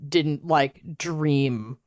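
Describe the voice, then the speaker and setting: A woman's voice: sits low, very slow, a little mellow, dry recording, clean studio sound. A woman co-hosting a podcast in casual, playful chat. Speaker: podcast co-host.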